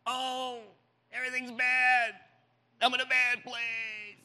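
A man's voice: level tone, slow pace, bright, forceful tone, long reverb tail, full character voice. A man voicing a despairing male prophet who whines about being the only one left, in a raised whiny voice. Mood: self-pitying. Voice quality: whiny, high-pitched. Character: whining self-pitying male prophet, despairing.

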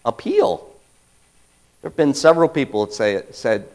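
A man preaching a conversational sermon as a pastor, swinging between quiet asides and loud emphatic bursts and acting out quotes. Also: mid-range voice, very animated, normal speed, long pauses, low-quality recording.

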